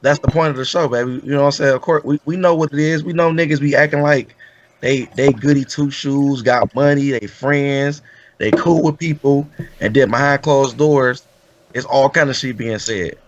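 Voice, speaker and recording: A man's voice: medium pitch, normal speed, dull audio, noisy background. A man co-hosting a talk show, speaking in laid-back street slang and repeatedly saying "you know what I'm saying.". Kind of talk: casual talk show chat.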